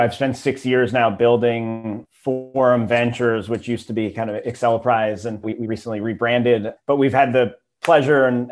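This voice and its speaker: A man guesting on a business podcast as an investor, talking in a relaxed way with many fillers. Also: lowish voice. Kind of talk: casual interview.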